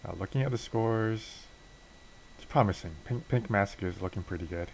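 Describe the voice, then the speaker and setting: A man's voice: fairly low pitch, moderate pace, gravelly, a little hiss or hum, poor audio. A man casually retelling a wrestling game's storyline, offhand and full of fillers. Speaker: game narrator.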